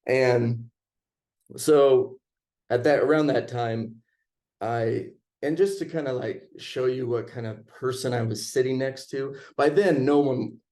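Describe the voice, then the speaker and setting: A man's voice: mid-range voice, steady tone, slow, warm tone. A young man telling a personal story in a casual chat, laid-back and chuckling as he goes.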